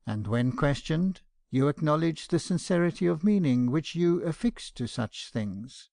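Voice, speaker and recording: A man voicing a fussy, earnest elderly doctor in an audiobook, speaking with soft, formal, flustered politeness. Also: a little high, lively intonation, a little slow, gravelly, no echo, clean studio sound, pitched above the performer's own voice. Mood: earnest reproof. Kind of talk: audiobook character reading.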